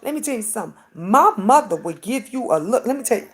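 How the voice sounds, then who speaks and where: A woman's voice: fairly high pitch, big pitch swings, fast talker. A woman, hosting a casual livestream chat, emphatic and preachy, talking straight to her viewers. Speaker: livestream host.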